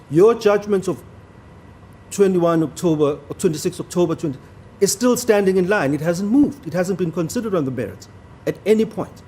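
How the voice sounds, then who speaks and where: A man's voice: fairly high pitch, mellow, slight background noise. A man arguing a legal point before a judge in a courtroom, formal and deferential to the bench, stressing key words. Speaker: advocate.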